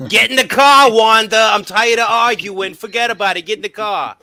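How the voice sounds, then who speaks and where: A man voicing a gruff, impatient Brooklyn tough guy who talks bluntly and swears. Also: high-pitched, normal speed, bright, forceful tone, voice pushed up, heavily acted.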